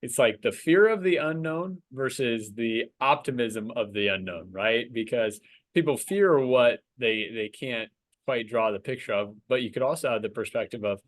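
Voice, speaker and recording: A man's voice: mid-range voice, normal speed. A man hosting a podcast interview, reflective and encouraging, with hesitant fillers. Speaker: podcast host. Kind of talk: casual interview chat.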